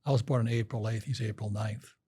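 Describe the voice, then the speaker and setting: A man's voice: lowish voice, fairly even intonation, quick pace, mellow, husky. An older man telling rambling stories in a casual interview, acting out quotes with frequent restarts. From Hawaii. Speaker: guest.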